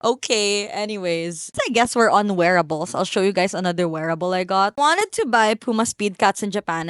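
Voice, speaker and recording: A woman's voice: lowish voice, no echo, studio quality. A young woman with a Filipino accent, a vlogger chatting in a bubbly, gushing way. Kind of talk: casual haul vlog.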